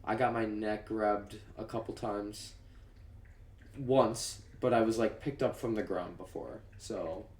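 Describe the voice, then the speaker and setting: Young male Marine reactor; low, laid-back, rambling, in an echoey room. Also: steady tone, unhurried, darkish tone. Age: young adult. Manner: laid-back, casual swearing, rambling explanations. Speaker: newly graduated Marine reacting to clips. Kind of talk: casual reaction commentary.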